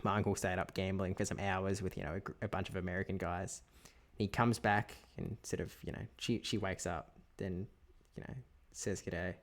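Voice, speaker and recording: A young man with an Australian accent and a lowish voice chats casually while streaming a game. He tells stories and keeps breaking into laughter. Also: steady tone, normal speed. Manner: laughs often while telling anecdotes. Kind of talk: casual chat while gaming.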